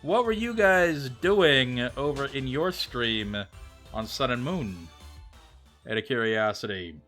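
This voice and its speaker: With soft music in the background, a US male streamer talks slowly in an animated, mid-range voice with a fairly bright tone. He casually chats with viewers while gaming live, thinking aloud and reading chat messages out loud to answer them.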